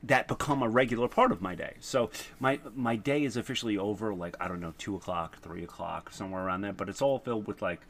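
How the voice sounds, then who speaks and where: A man's voice: fairly low pitch, fast, few pauses, a bit bright. Rambling self-mocking male podcast host. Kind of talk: casual chat.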